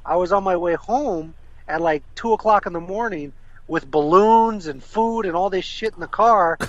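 Male radio caller from South Florida; hesitant storyteller, slightly high voice on a dry, muffled phone line. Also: a bit bright, no echo. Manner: rambling, halting storyteller. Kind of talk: casual chat. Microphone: phone call.

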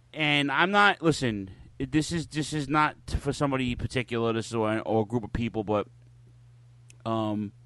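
A man's voice: medium pitch, a bit bright, no echo. Profane, rambling podcast host man. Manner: profane, loose storytelling with lots of cursing. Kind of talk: casual chat.

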